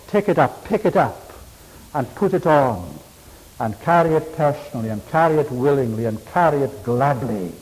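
A man's voice: mid-range voice, a little mellow. Male preacher, sermon, emphatic, long echo of a large hall. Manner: emphatic, stresses key words with long pauses.

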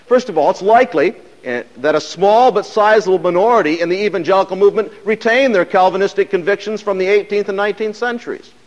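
Male lecturer, fairly high voice, emphatic and measured, long hall reverb. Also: muffled recording. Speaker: church history lecturer.

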